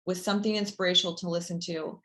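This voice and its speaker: A woman being interviewed as a company founder, talking casually and chattily with many fillers, warming into an enthusiastic pitch. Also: steady tone, quick pace.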